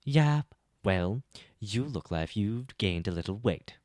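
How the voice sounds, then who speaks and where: A man's voice: low voice, lively intonation, normal speed, dry recording, clean studio sound. A man voicing a scruffy, sardonic young man in an audiobook reading, teasing and wisecracking.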